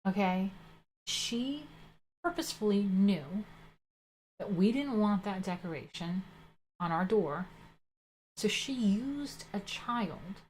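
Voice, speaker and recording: An indignant woman hosts a casual livestream from home and tells a story in an animated way, swearing as she goes. Her voice sits at a middle pitch, with a faint hiss behind it. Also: slow, pauses often. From Slavic background. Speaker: livestream host.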